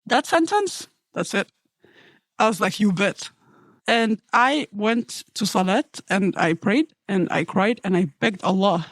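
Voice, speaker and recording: A woman's voice: medium pitch, animated, a little slow, dry recording. A woman giving heartfelt personal testimony, earnestly retelling events and acting out the dialogue as she goes. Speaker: storyteller guest.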